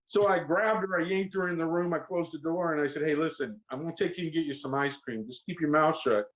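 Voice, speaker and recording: A middle-aged man with a Southern accent, spinning an animated story and slipping into the voices of the people in it. His voice sits a little high for a man. The sound is a bit muffled, like a lo-fi podcast track. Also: fast talker. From Miami, Florida. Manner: animated storyteller who acts out quoted voices. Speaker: guest. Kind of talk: storytelling interview. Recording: slightly muffled podcast audio.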